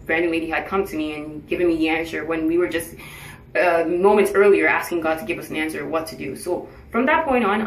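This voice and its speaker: A woman's voice: sits low, slight background noise. A tired woman telling a personal story in a casual vlog, earnest and acting out what others said to her. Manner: earnest, retells conversations in quoted speech. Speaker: vlogger sharing her cancer journey. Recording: echoey room, voice from a distance.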